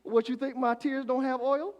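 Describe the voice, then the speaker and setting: A man preaching a sermon as pastor, calling on the congregation to answer back and swinging from hushed lines to shouts. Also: very high-pitched, steady tone, normal speed.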